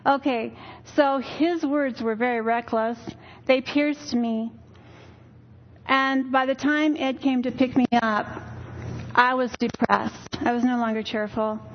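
An older woman speaks in a slightly high voice, sharing a weary, earnest testimony with a church gathering. She tells her story candidly and plainly. The recording sounds dull and lo-fi. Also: steady tone, slow, slight background noise. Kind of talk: personal testimony talk.

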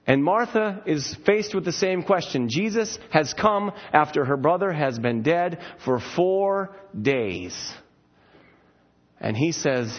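Husky, lively male preacher. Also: on the high side, measured pace, lo-fi sound. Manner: storytelling, playful asides. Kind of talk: sermon.

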